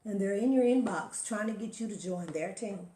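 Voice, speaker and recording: An emphatic woman speaks like a preacher as she gives a motivational talk to her viewers, and she calls them honey. Her voice sits at a middle pitch. The room has a noticeable echo. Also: normal speed, warm tone. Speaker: motivational live-stream host.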